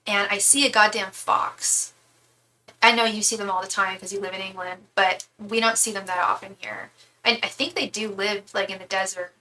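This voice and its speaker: A young woman tarot reader chatting on a live stream, rambling from story to story with plenty of fillers. Her voice is bright and forceful, sitting at an ordinary middle pitch. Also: slight background noise. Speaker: tarot reader and psychic medium. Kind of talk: casual live-stream chat.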